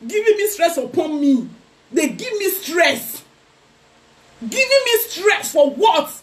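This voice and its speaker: This young Nigerian woman vlogs gossip at a slow pace, her very high voice swinging widely in pitch, with slight background noise. She rants, taunting her targets in a sing-song manner and frequently dropping into mocking laughter.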